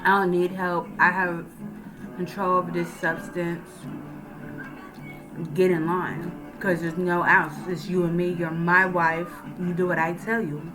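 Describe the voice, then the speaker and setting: A woman acting out a menacing young husband who barks orders and brushes off every objection, loud and bossy. The voice sits low for a woman, with steady music playing behind it. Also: measured pace, natural voice, rough recording. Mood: commanding.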